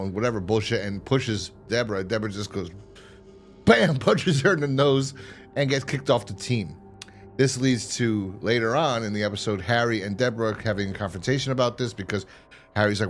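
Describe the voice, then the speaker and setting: A man hosting a casual TV review, rambling and swearing as he acts out characters' lines in quick voices. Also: on the low side, a little hiss or hum. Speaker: podcast host reviewing a TV series.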